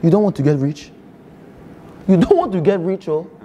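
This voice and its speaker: A man's voice: high-pitched, very animated, moderate pace, mellow, muffled recording, voice pushed up. A young man putting on a Nigerian accent, playing a pushy student who keeps asking to learn scamming, tacking "oh" and "ah, ah" onto his lines, in a lecture hall with faint noise. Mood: pleading. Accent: Nigerian (put on). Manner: insistent, exclamatory "oh" and "ah, ah" tags.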